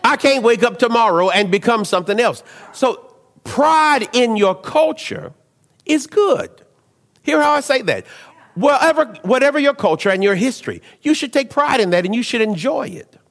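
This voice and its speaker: A man preaching a sermon, telling stories in an animated way, dropping to low asides and rising to shouts. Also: a little fast, in a large hall.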